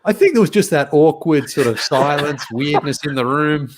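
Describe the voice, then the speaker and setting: A man's voice: on the high side, lively intonation, normal speed, noisy background. An Australian man co-hosting a casual podcast chat, telling rambling stories and laughing at his own jokes. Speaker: co-host.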